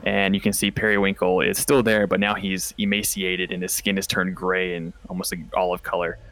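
A man's voice: low-pitched, level tone, brisk, a bit bright, dry recording. A man narrating a tabletop game as game master, describing scenes vividly with casual fillers.

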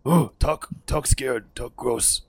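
A man's voice: medium pitch, slow, gravelly, husky, voice pushed up, heavily acted. A man voicing a crude, mocking male orc thug in a tabletop game. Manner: taunting, jeering.

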